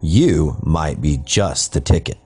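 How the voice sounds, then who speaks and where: A man's voice: extremely low pitch, lively intonation, takes it slowly, dark tone, husky, heavily acted. A man doing a genial, cheerfully ghoulish devil. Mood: amiable. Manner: chatty, amiable, relishing.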